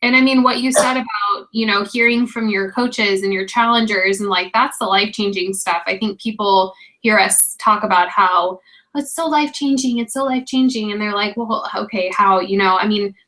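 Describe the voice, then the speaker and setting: A woman's voice: medium pitch, steady tone, moderate pace, few pauses, pushed and bright, rough recording. A woman co-hosting a coaching presentation, chatty and gushing, full of casual fillers. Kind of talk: casual chat.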